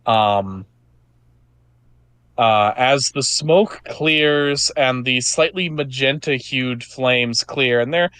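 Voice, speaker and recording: A man's voice: mid-range voice, extremely slow, fairly bright tone, smooth, no room sound. A man narrating as game master of a tabletop game, loose and casual, with frequent fillers.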